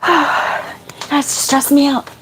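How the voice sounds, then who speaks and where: Slow-talking woman vlogger sorting yarn. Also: sits high, fairly even intonation, a bit bright, a little hiss or hum, poor audio. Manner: chatty, self-deprecating, laughs often. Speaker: crochet vlogger. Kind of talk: casual chat while sorting yarn.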